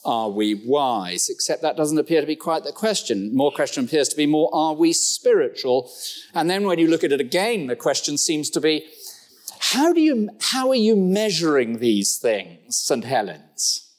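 A middle-aged man preaching a sermon in a church, with humorous asides and sudden jumps in pitch. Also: sing-song, normal speed.

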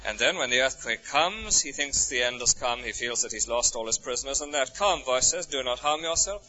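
An English preacher delivers his sermon with a bright, forceful edge. He leans on rhetorical questions, lifting high with feeling and then dropping to near a whisper. The recording is muffled and lo-fi. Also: brisk, faint music behind. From England. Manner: expressive, rhetorical questions, swings from soaring to hushed. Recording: dull lo-fi recording.

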